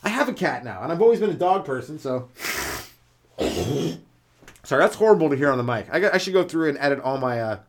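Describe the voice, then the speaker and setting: A man's voice: sing-song, normal speed, pauses often. A man doing a loose, rambling stand-up comedy monologue on his podcast, self-mocking and jumping into silly voices, with a smoker's cough. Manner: loose and self-mocking, acts out silly characters in jumps of pitch.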